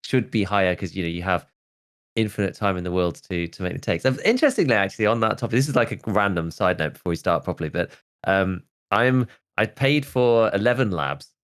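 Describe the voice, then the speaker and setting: A man's voice: fairly low pitch, expressive, brisk. A man in his thirties, a podcast host chatting casually and rambling, with lots of "like" and restarts. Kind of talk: casual chat.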